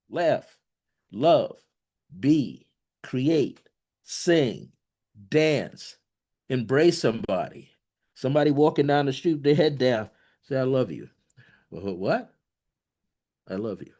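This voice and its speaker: Slow-talking man channeling spirit messages. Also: a little high, expressive. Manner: laughs often, warm repetitions, playful corny humor; switches between relayed beings and quoted voices. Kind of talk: channeling session, relaying messages.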